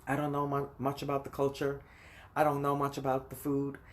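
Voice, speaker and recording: A man in his thirties from the United States rambles into his phone for a personal vlog, speaking fairly quickly in a medium-pitched voice with a completely flat delivery. He's emphatic and talks straight at the viewer.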